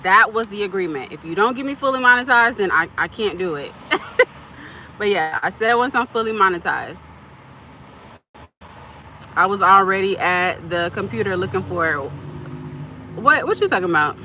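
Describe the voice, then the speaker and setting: A woman's voice: mid-range voice, lively intonation, normal speed, pauses often, bright, forceful tone, slight background noise. A woman live-streaming from her parked car, chatting casually and answering viewers' comments. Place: parked car at a curbside pickup.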